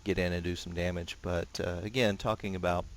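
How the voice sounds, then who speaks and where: Deep-voiced man rambling over gameplay. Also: brisk, a little hiss or hum. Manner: relaxed rambling, frequent fillers and restarts. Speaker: gameplay commentator. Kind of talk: casual gameplay commentary.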